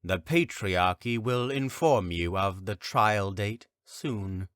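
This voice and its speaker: Brief: icy bureaucrat scholar, deliberate and low , narrated by a man. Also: fairly bright tone, no echo, studio quality. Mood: cold. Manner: slow, measured, officious. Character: cold stern male scholar official. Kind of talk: audiobook character voice.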